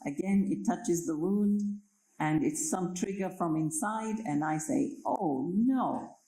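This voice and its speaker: A woman from Kenya giving a spiritual talk on meditation, slow and reflective, often checking in with her listeners. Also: lowish voice, dark tone. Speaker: meditation speaker. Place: library hall. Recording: echoey hall.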